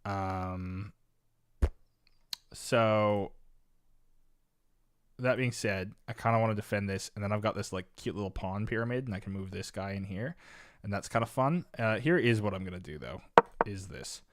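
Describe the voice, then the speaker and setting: A young man from Canada, chatting casually as he streams chess, rambling and swinging between low mumbles and loud exasperated bursts. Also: moderate pace, long pauses, no room sound, clean studio sound. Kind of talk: casual live-stream chat.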